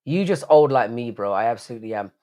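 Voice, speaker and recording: A man's voice: mid-range voice, animated, fast, darkish tone. Rambling, swearing male livestreamer. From United Kingdom. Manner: rambling, swears often, answers chat aloud. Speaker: live-stream host. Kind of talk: casual late-night live-stream chat.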